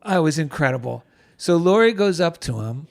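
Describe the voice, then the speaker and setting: A middle-aged man with an East Coast American accent, telling a personal story in conversation with lively feeling. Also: fairly high pitch, brisk, creaky. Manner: animated, gets choked up with emotion. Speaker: guest, author and veteran.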